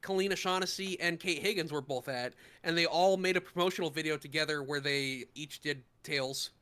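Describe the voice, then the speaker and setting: Bright, animated podcast co-host man. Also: fairly high pitch, smooth. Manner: animated, laughs often, quick asides. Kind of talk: casual chat.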